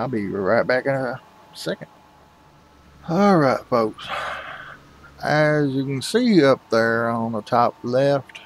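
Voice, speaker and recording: A man's voice: medium pitch, low-quality recording. Guy rambling thru a farming game, easygoing, talks to "folks", faint noise behind. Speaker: gaming channel host. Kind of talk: casual game commentary.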